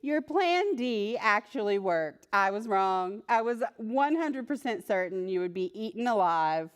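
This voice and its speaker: A woman librarian reading a picture book aloud to preschoolers, playful and animated, talking to the characters and laughing often. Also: medium pitch, unhurried, clear, resonant tone. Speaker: children's librarian.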